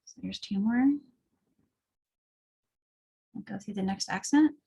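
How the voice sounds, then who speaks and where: Husky woman teaching a craft step by step. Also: medium pitch, slow pace, lo-fi sound. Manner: relaxed, chatty, explains as she works. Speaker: craft instructor.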